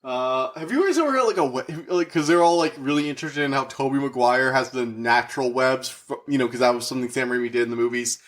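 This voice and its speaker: A young man casually reviewing a movie on his podcast, excitable, swearing now and then and acting out the characters he quotes. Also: mid-range voice, fast talker, few pauses.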